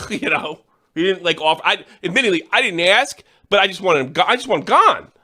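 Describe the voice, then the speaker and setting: A man's voice: sits high, lively intonation, brisk, sharp tone. A man in a casual podcast chat, talking frankly and rambling a little, heard as a clip played from another show. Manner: frank, rambling, laughs along. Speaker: podcast co-host.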